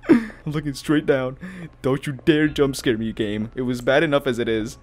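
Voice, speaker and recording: A man's voice: medium pitch, normal speed, slight background noise. A man giving horror gameplay commentary as a YouTuber, jumpy and panicky, gasping, swearing and laughing nervously. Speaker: gaming YouTuber.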